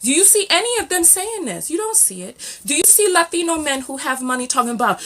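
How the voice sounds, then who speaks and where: Woman, vlogger, sassy, animated, questioning, bright tone. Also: high voice, brisk. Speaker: relationship vlogger. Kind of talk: reaction video commentary.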